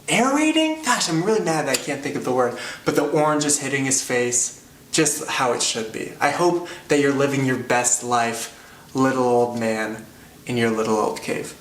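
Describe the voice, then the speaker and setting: A man's voice: medium pitch, fairly bright tone. A man telling a stand-up story in a rambling, self-deprecating way, full of fillers, recorded from a distance in a roomy space. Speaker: comedian, storyteller. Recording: roomy, distant mic, faint hum.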